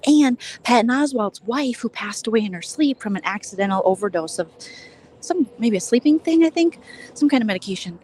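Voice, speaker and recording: A woman in her forties from Minnesota, chatting casually on a live stream as she walks through a big store, often hushed to a near whisper. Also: mid-range voice, animated, moderate pace, a little hiss or hum. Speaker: vlogger host.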